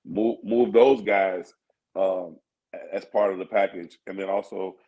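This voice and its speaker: A man's voice: sits low, fairly even intonation, measured pace, mellow, lo-fi sound. A man analyzing sports in casual talk-show chat, thinking aloud and asking "you know what I mean?". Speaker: sports talk co-host or guest.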